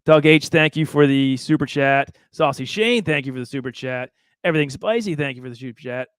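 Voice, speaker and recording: A man's voice: mid-range voice, animated, a little fast, clean tone, no echo, studio quality. A man hosting a casual livestream, talking in a chatty, rambling way with laughs and repeated words. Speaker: livestream host.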